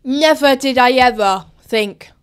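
Excitable woman reacting live. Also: high-pitched, measured pace, smooth. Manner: excitable, emotional, chatty. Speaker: vlogger reacting to a race.

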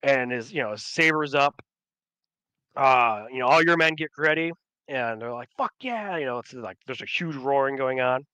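A man's voice: mid-range voice, moderate pace, pushed and bright, clean tone, dry recording. A man narrating a tabletop game as game master, rambling with many fillers and restarts.

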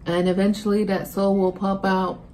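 A woman's voice: mid-range voice, level tone, moderate pace, a little mellow. A woman co-hosting a casual family food vlog, chatting easily and laughing often. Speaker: vlog co-host. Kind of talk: casual chat.

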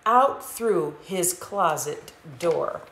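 A woman hosting a live storytime, reading a picture book aloud to children as a playful, animated storyteller. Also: fairly low pitch, extremely slow. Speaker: storytime host and mother. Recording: echoey room with faint hiss.

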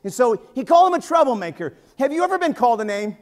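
A man in his fifties, a pastor preaching a sermon in a church, telling jokes and stories with lively, animated energy. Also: very high voice, fast. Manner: energetic, joking, animated storytelling. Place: church sanctuary.

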